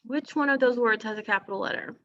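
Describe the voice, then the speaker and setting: A woman teacher leading a phonics lesson for young children, speaking slowly and deliberately, stretching out words and praising the class often. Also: a little high, sharp tone, no room sound, dull audio. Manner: slow, deliberate, encouraging, stretches words for emphasis.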